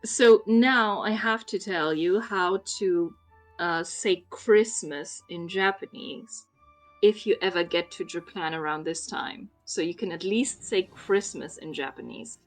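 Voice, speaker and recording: A woman's voice: on the low side, unhurried, faint music behind. A woman in casual conversation, explaining things patiently like a teacher, with frequent ums. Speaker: guest explaining Japanese Christmas. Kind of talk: casual chat.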